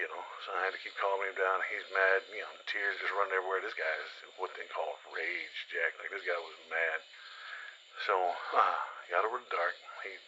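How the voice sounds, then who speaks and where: A man with a deep voice and a hard, bright edge rambles through a first-person survival story. He talks loosely, with lots of fillers and casual swearing. The recording is dull and lo-fi, with a faint hiss underneath.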